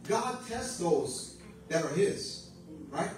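A man's voice: high-pitched, big pitch swings, slow, a little mellow, slight background noise. A man preaching a sermon in a church, urging his listeners on with repeated phrases and call-and-response amens. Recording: very echoey room, mic at a distance.

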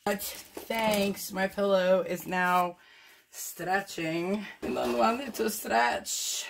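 Her voice is mid-range with drawn-out words, and there's a little hiss or hum in the recording. A woman painter walks through each step of a fluid art demonstration while working, chatting with jokes and self-deprecation.

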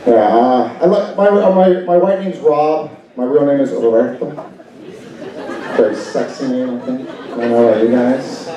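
A man doing a stand-up set on stage, Spanish his first language, lively and quick to slip into put-on voices, with an audience laughing. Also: crowd noise. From Salvadoran and Brazilian family. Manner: animated, jumps into high put-on voices for bits. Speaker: stand-up comedian. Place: comedy club stage. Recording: distant mic in a noisy, echoey club.

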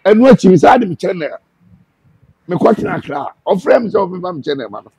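Gravelly, husky Ghanaian man telling a story. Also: sits high, fast, dry recording. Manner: animated, quotes others in dialogue. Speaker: interview guest. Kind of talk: casual storytelling.

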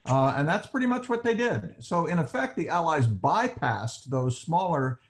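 A man with a fairly high voice gives a historian's answer in a panel discussion. He explains in an animated, conversational way. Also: moderate pace.

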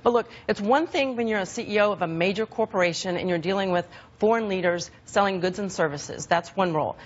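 Female panel commentator, rapid and assured delivery, lo-fi broadcast sound. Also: medium pitch. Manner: quick, assured, defending her side. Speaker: political commentator. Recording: dull lo-fi broadcast audio.

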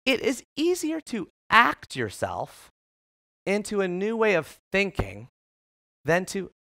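Brief: motivational speaker, man, lively storytelling, bright, dry close sound. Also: high-pitched, takes it slowly, vocal fry, no echo. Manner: animated, conversational, many filler "like"s. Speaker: keynote speaker. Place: live audience event in an office.

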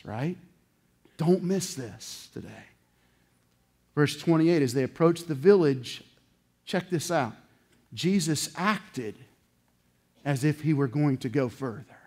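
A pastor preaching a sermon, moving between loud emphasis and soft, intimate passages. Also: male voice, fairly high pitch. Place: church sanctuary.

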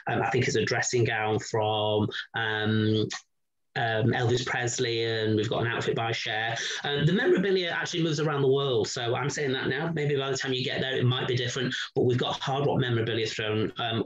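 A man's voice: mid-range voice, rough recording. A middle-aged man giving a casual promotional walkthrough as a resort sales representative, talking chattily with many "sort of" and "um" fillers.

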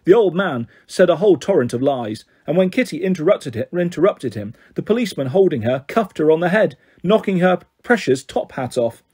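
A man reading a children's novel aloud in steady first-person narration, giving voices to the characters. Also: on the high side, a little fast, hardly any pauses, husky. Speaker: storyteller.

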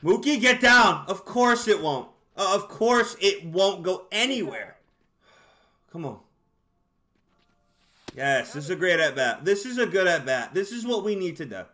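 A man commentating his own baseball video game, excitable and exasperated, shouting at his players. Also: sits high, unhurried, pauses often. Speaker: gaming YouTuber. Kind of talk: live gameplay commentary.

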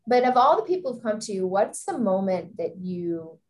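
Woman moderator, measured, asks questions thoughtfully. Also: medium pitch, sing-song, low-quality recording. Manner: thoughtful, searching for words. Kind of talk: panel interview questions.

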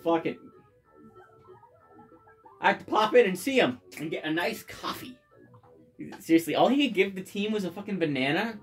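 A let's play host giving excitable game commentary with loud bursts of cheering and frequent swearing. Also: mid-range voice, normal speed, pauses often. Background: faint game music.

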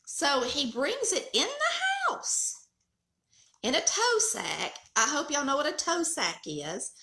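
Animated Southern woman telling family stories. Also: sits high, slow, roomy sound. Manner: folksy, animated storyteller. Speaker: cooking channel host. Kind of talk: casual storytelling chat.

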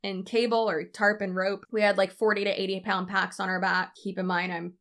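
A woman's voice: medium pitch, level tone, brisk, a bit bright. A woman giving casual reaction commentary in a blunt, sarcastic way.

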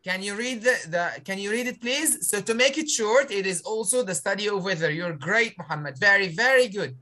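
A woman's voice: medium pitch, expressive, fairly quick, pushed and bright. A woman teaching an online spelling lesson on a video call, encouraging her pupils and sounding out syllables.

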